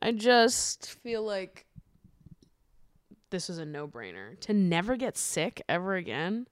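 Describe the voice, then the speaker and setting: Lowish-voiced woman doing a solo podcast, swears a lot, laughs, dry close mic. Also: slow, no echo. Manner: swearing, laughing, animated ranting. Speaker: podcast host. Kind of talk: casual solo chat.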